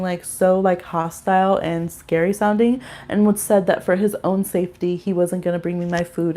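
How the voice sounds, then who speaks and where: Animated young woman livestreaming from her phone. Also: on the low side. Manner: animated storytelling, addresses viewers as y'all. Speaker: tarot reader hosting a livestream. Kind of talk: casual livestream chat.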